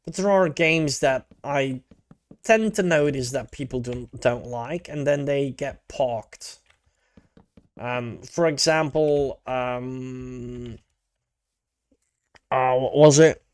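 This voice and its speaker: A man's voice: mid-range voice, takes it slowly, pauses often, smooth, no room sound. A male VTuber chatting casually with his stream, laid-back and rambling, with casual swearing.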